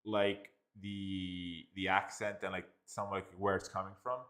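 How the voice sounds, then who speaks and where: An Irish man giving a casual spoken software review, rambling with constant fillers and restarts. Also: low-pitched, level tone, unhurried. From Ireland.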